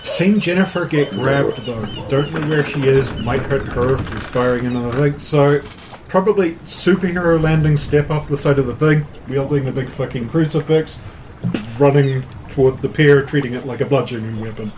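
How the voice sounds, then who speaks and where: A man's voice: medium pitch, normal speed, a little mellow, slight background noise, rough recording. A man playing a tabletop game, describing his moves in a casual way. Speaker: player.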